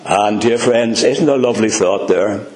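A Northern Irish man preaches with earnest, emphatic conviction. He takes his time, drawing each phrase out slowly. The room around him rings with echo. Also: on the low side, darkish tone, slight background noise. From Northern Ireland. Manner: earnest, emphatic preaching, addressing "dear friends". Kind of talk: sermon.

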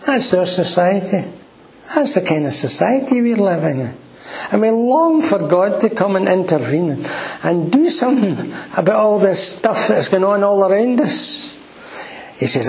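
Earnest preacher, slightly high voice. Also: male voice, expressive, a little slow, low-quality recording. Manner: earnest, emphatic, quoting scripture. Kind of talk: sermon. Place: church.

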